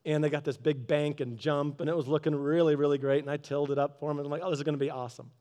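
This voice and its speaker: A man giving a casual devotional talk, telling a story in a lively way and acting out both sides of an argument. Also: fairly high pitch, fast. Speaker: Christian speaker. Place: garage office.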